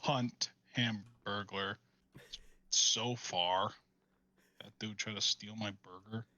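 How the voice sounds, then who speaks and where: A young man chatting casually on a gaming stream, animated and laughing often. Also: on the low side, slow, dry recording. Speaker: streamer co-host.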